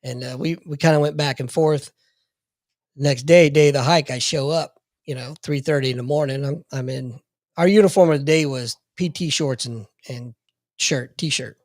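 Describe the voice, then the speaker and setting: A man's voice: mid-range voice, normal speed, darkish tone, dry recording, clean studio sound. A man in his forties telling a profane story in a casual podcast chat.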